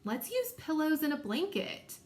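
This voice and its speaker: A woman voicing an excited young girl as she reads a storybook aloud with expression. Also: high-pitched, measured pace, voice pushed up, exaggerated voice.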